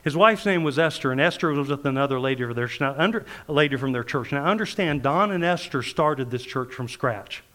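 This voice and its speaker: Fairly quick and with few pauses, a medium-pitched male preacher tells stories in his sermon, playing the quoted characters with animation and laughing frequently while he preaches.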